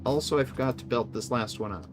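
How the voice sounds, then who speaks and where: A VTuber streamer giving live gameplay commentary, excitable and swearing while talking to themselves. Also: mid-range voice, fast, over music. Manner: excitable, swears, talks to self while playing.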